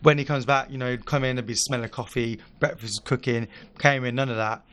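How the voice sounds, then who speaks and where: A man's voice: medium pitch, fairly even intonation, fairly quick, fairly bright tone. A young man, a podcast guest telling a long story in a rambling way, full of fillers. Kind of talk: casual chat.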